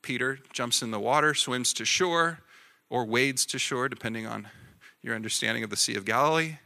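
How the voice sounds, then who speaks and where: A man preaching a sermon in a conversational way, often correcting himself and rising into animated emphasis. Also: mid-range voice, moderate pace, vocal fry. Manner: self-correcting, repeats words. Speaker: pastor.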